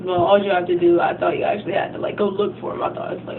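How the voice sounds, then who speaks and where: A woman's voice: lowish voice, flat delivery, very fast, gravelly. A woman vlogger ranting casually about a game, rambling and breathless, full of "like" and "freaking". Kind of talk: casual rant retelling a game. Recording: tinny phone-like recording, faint hum.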